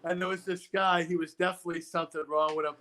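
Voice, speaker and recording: Male comedian guest, higher pitch, rambling joke-teller. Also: sharp tone, slight background noise. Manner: rambling storytelling with punchlines. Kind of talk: stand-up style chat.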